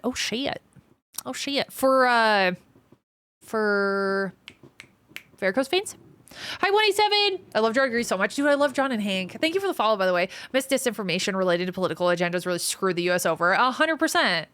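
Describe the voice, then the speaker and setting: A woman's voice: mid-range voice, expressive, a bit bright, clean tone. A woman streaming live, chatting casually and reading viewer comments aloud, a surgical trainee with a frank, profane way of talking. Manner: frank, profane, quick to vent.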